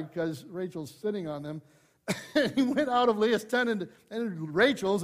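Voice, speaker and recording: High-voiced expressive male preacher. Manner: expressive preaching, swings from loud emphasis to hushed asides; conversational with light humor. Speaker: pastor. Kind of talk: sermon.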